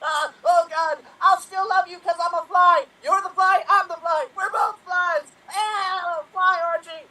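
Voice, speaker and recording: A shrill, wailing fly-scientist. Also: male voice, fairly even intonation, measured pace, hardly any pauses, sharp tone, heavily acted. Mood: frantic. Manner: melodramatic, wailing, switching parts. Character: frantic male scientist turning into a fly. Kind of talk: improv one-man film remake. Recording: voice from a distant mic.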